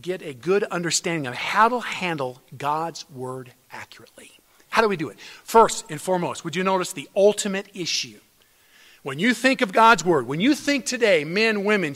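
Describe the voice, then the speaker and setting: A man's voice: on the high side, fairly bright tone. A man preaching a sermon as pastor, earnest, restarting phrases and building to emphatic peaks. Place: church sanctuary. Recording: long hall reverb.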